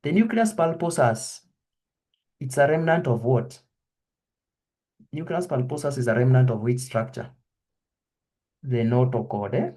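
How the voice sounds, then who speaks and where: A man's voice: mid-range voice, lively intonation, a little slow, pauses often, warm tone. A man giving an anatomy review lesson, quizzing his students and repeating each question and answer. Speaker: anatomy lecturer. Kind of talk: online histology review lesson.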